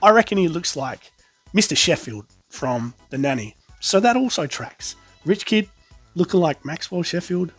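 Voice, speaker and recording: An Australian man with a fairly high, husky voice that swings up and down a lot as he chats. He talks in a casual, enthusiastic show-and-tell way, recorded dry and close with faint music underneath. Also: lively intonation, moderate pace, fairly bright tone, dry recording. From South Australia. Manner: chatty and enthusiastic, colloquial. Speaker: toy collector vlog host.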